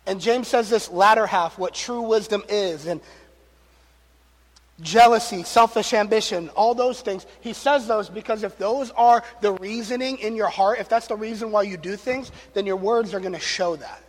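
A young man preaching a sermon to his congregation in a conversational, animated way, speaking straight to the people in front of him. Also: high voice, moderate pace. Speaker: pastor. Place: church sanctuary. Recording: long reverb of a large hall.

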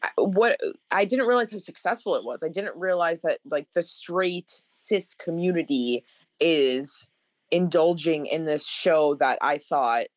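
An adult podcast co-host talks casually, pausing and searching for words, with a mid pitch that swings widely. The sound is dry and close. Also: animated, no room sound. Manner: hesitant, searching for words, quick to laugh. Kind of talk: casual chat.

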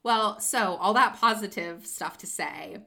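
Chatty young woman, bright voice. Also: medium pitch, unhurried. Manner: chatty, animated storytelling with many fillers. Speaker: podcast co-host. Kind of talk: casual chat about books.

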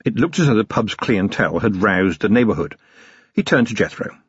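A man reading a novel aloud as an expressive storyteller. His voice is a touch husky and moves animatedly in pitch. The recording is dry and lo-fi. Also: a little fast, no echo. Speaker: audiobook narrator. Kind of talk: scripted narration. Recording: dull, dry audiobook recording.

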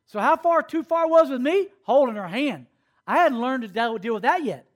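A man in his fifties, a camp speaker, giving an animated, conversational sermon to young people and often checking that they are following. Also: very high-pitched, normal speed. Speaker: camp speaker teaching students. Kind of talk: sermon-style teaching to a youth audience.

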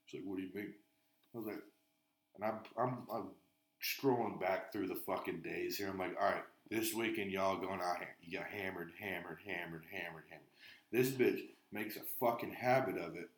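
A man's voice: low voice, normal speed, roomy sound. A man on a podcast, telling rambling stories full of swearing in casual chat. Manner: profane, rambling storyteller. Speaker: podcast co-host.

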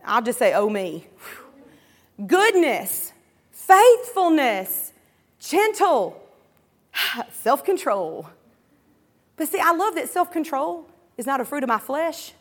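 A high-pitched woman preaches, her voice sitting well above the usual. She drives her points with call-and-response cries and slips into the voices of imagined believers and coworkers. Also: big pitch swings, takes it slowly, long pauses, long reverb tail. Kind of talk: sermon.

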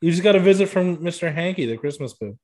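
A man's voice: sits high, expressive, quick pace, darkish tone. A man hosting a casual chat, joking and giving short replies.

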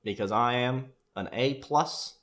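Brief: man putting on a formal, overly precise young man, measured delivery. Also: medium pitch, fairly bright tone. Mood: earnest. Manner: slow, precise, oddly formal.

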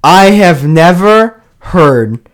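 A man's voice: sits high, expressive, very slow. A young man reacting with jokes and disbelief on a casual podcast. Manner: incredulous, joking, says "bro" and "dude". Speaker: podcast co-host. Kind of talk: casual chat.

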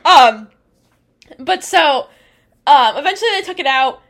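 A woman's voice: high-pitched, lively intonation, moderate pace, a bit bright. A young woman co-hosting a casual chat podcast, telling a story in a rambling way and laughing often. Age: young adult. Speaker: podcast co-host.

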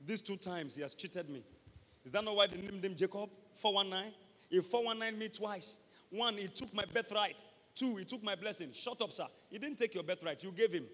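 A man with a Nigerian accent preaching a sermon, acting out scenes and breaking into loud shouts. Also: high voice, moderate pace. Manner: dramatic, acts out scenes, switches to loud shouts. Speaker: pastor. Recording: echoey hall with long reverb.

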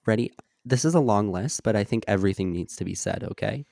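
A man's voice: fairly low pitch, expressive, fast talker, vocal fry, a little mellow, dry recording, clean studio sound. A young man co-hosting a casual podcast, telling a long story with many "like" fillers and acting out overheard lines. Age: young adult. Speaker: podcast co-host. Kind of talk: casual chat.

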